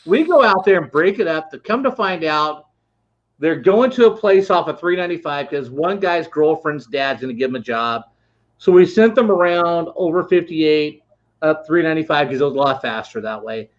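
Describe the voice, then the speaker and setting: A man co-hosting a casual talk show, telling animated road anecdotes over a video call. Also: on the high side, normal speed. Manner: animated anecdote teller, acts out quoted voices. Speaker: podcast co-host. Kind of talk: casual storytelling. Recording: dull lo-fi stream audio.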